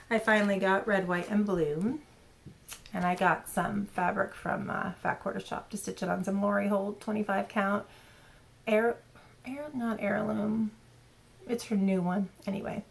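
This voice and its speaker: Woman host, casual show-and-tell vlog, gravelly fry, rambling and chatty. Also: medium pitch, slight background noise. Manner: chatty, rambling with many fillers and self-corrections. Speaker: cross-stitch channel host.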